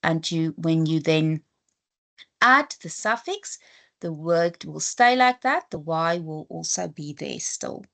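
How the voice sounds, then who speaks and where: A woman's voice: deep voice, lively intonation, takes it slowly, vocal fry, fairly bright tone. A woman teacher with a South African accent giving a patient spelling lesson, spelling out letters one by one. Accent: South African English. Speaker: English teacher. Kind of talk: slow, deliberate classroom lesson.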